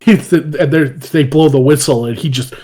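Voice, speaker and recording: A man hosting a casual podcast chat, swearing freely and laughing loudly as he tells stories. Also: fairly high pitch, moderate pace, slightly rough. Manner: profane, animated, laughs loudly while telling stories. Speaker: podcast host.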